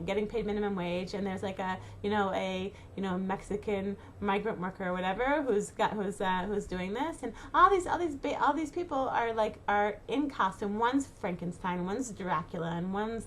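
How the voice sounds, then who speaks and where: A middle-aged woman with a mid-range voice gives casual spoken advice to mothers as an inspirational speaker. She talks with many fillers and restarts and acts out worried inner thoughts, with slight background noise in the recording.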